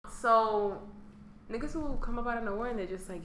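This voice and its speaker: A woman's voice: on the high side, moderate pace, a bit bright, reverberant, a little hiss or hum. A young adult woman co-hosting a casual chat show, ranting bluntly and profanely about everyday annoyances. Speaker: podcast co-host.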